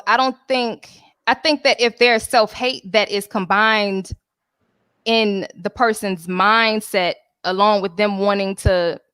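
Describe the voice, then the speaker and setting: A young woman answering questions on an online panel, composed, measured and pointed. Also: mid-range voice, a bit bright, smooth, no echo, studio quality. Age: young adult. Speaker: panel guest. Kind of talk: casual panel chat.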